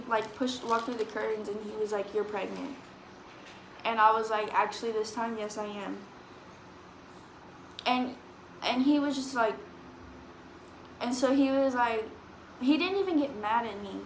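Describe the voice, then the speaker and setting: A woman's voice: on the high side, a little slow, long pauses. A woman, chatting through a story and quoting people as she goes. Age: 20s. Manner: rambling, quotes people with "I was like". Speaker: vlogger. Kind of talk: storytime chat. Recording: echoey room with background noise.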